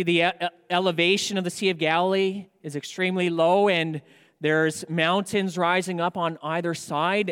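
A male pastor preaching a sermon in a church, animated and asking rhetorical questions. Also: sits high, smooth, big-room sound.

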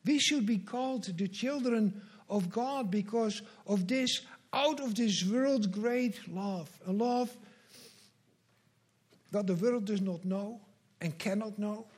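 A pastor preaching a sermon, earnest and measured, with slow emphatic repetitions. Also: male voice, sits high, breathy edge.

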